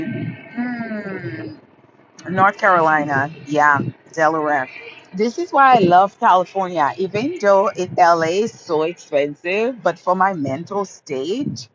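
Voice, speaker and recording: A woman in her fifties from Haiti chats live with her viewers from a sunny park, calling them her loves. She speaks slowly and repeats her phrases fondly. The phone audio is dull and a little lo-fi. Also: lowish voice, noisy background. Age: 50s. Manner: affectionate, repeats phrases, greets viewers by name. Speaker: livestream host. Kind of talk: casual live chat answering viewers. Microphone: phone livestream.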